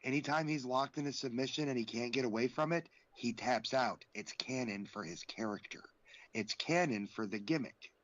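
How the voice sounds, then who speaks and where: A man's voice: medium pitch, fairly quick, hardly any pauses. A man co-hosting a casual wrestling chat podcast, ranting in a heated, profane way. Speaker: podcast co-host. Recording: dull lo-fi sound.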